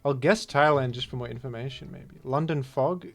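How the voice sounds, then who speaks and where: A man talks through a guessing game in loose, rambling commentary. He jokes and breaks into mock-outraged asides, at an everyday middle pitch. Faint music plays behind him. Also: fairly even intonation, fairly quick. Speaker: gaming video host. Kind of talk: casual gameplay commentary.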